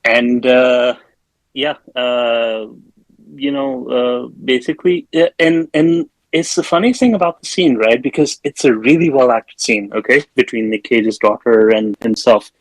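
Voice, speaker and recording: A man's voice: medium pitch, a little slow, no room sound, rough recording. A man hosting a podcast film review in casual chat, rambling and filler-heavy as he retells scenes. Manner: retells scenes with acted-out quotes. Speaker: podcast host.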